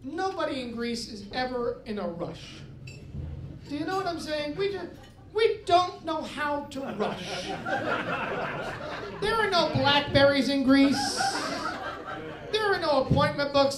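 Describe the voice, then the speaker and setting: A man from the United States performing a stand-up comedy set, with an animated, punchy delivery and shouted impressions of his father. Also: extremely high pitch, measured pace, long pauses, noisy background. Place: comedy club stage with live audience. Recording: echoey club with crowd laughter.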